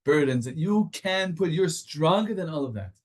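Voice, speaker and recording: A man's voice: on the high side, animated, normal speed. A man teaching a Torah class with passion, moving back and forth between Hebrew and English.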